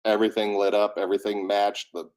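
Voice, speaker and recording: A man's voice: lowish voice, fast talker. A man working as an audiobook narrator who has a cold, telling stories in a casual chat and acting out the quoted lines. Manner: animated storyteller who acts out quotes.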